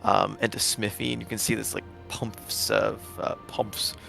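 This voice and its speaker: Male game master, gravelly voice, ums and restarts as he narrates, faint music behind. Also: fairly low pitch, level tone, pushed and bright. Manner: halting, full of fillers and self-corrections.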